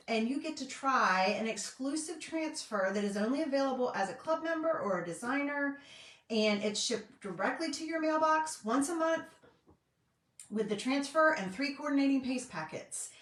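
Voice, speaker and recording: On a live craft stream from her home craft room, a middle-aged Southern woman from North Carolina, who works as a craft vlogger and independent designer, chats in a high, slightly bright voice. Her casual talk brims with fillers and folksy asides, and the room's echo puts her voice a little at a distance.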